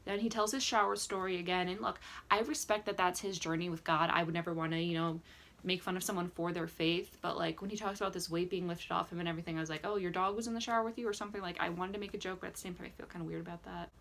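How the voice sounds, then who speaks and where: A woman's voice: fairly low pitch, fairly even intonation, fast, vocal fry, fairly bright tone. Young woman vlogger, chatty and wry, filler-heavy casual recap delivery. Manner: chatty, sarcastic, lots of "like" fillers. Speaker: vlogger recapping a reality dating show. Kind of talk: casual reaction vlog. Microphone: camera mic with ring light, indoors.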